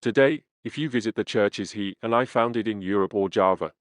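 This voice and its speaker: Male audiobook reader with a low voice, reading a first-person memoir in a measured, earnest way. The recording is dry and close, with no room sound. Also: no room sound.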